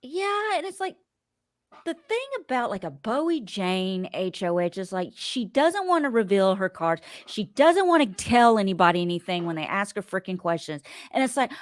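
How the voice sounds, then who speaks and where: A woman's voice: mid-range voice, big pitch swings, moderate pace, no echo, clean studio sound. A woman hosting a podcast in casual chat, rambling and chatty with many fillers. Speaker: podcast host.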